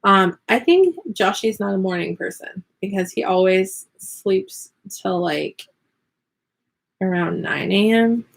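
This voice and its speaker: A woman's voice: medium pitch, animated, slow pace, vocal fry. A woman in her thirties chatting casually to a live audience at home while she crochets. She rambles with lots of fillers and giggles. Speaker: vlogger and online teacher. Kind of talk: casual live craft chat.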